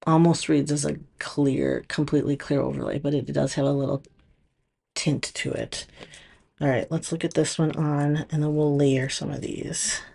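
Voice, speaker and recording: A woman's voice: low voice, steady tone, moderate pace, vocal fry, warm tone, husky. A woman casually demonstrating nail strips, chatty and thinking aloud as she works. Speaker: nail product stylist. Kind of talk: casual product demo.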